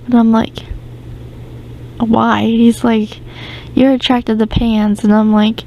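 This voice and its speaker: A woman's voice: fairly high pitch, level tone, unhurried, pauses often, mellow, dull audio. A woman hosting a casual storytime podcast, rambling through the tale with many ums and restarts. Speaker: podcast host.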